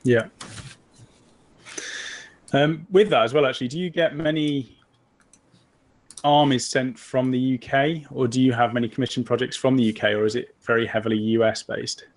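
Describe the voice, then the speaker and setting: A man's voice: mid-range voice, fairly even intonation, moderate pace, long pauses. An English man hosting a casual online interview, easygoing and leading into questions with "um". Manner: easygoing, with frequent "um" lead-ins. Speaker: interview host.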